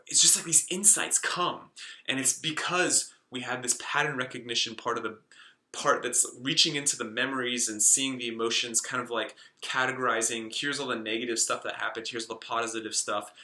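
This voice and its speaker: A man's voice: mid-range voice, pushed and bright. Rambling man in his twenties, echoey room. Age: 20s. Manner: rambling, with many fillers and restarts. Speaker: self-help video host. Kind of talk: casual explainer monologue.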